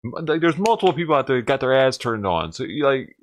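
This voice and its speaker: A man rants on a livestream, his voice swinging widely up and down as he mocks and swears. His pitch sits in the middle for a man, and his delivery is sarcastic and heated. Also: very animated, quick pace. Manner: sarcastic, profane, mocking. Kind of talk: ranting livestream commentary.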